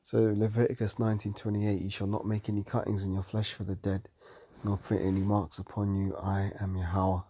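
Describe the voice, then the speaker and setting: Tired man reading scripture in a husky voice. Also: lowish voice, little pitch movement, mellow. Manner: reads verses aloud and comments slowly. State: tired, yawning late at night. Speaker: Bible teacher. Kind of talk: scripture study talk.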